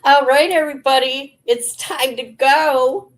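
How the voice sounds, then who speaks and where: A woman's voice: sits high, a little slow. A woman streamer delivering a confrontational, rambling rant to her viewers, full of fillers and repeated challenges. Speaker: live streamer. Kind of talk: ranting live stream monologue.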